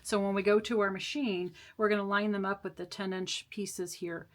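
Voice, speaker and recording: A woman walks through a sewing project step by step in a relaxed, chatty way. She reassures the listener as she goes, with the odd small laugh and filler. Her voice sits at an average pitch. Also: normal speed. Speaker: sewing tutorial host. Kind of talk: casual step-by-step sewing instruction.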